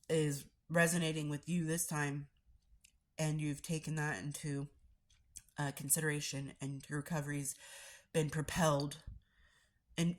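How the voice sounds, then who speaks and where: A woman with a low, stuffy, congested voice talks in a casual, reflective way. She is earnest and supportive, and she often stumbles and repeats words as she thinks aloud. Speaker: recovering addict sharing daily reflection.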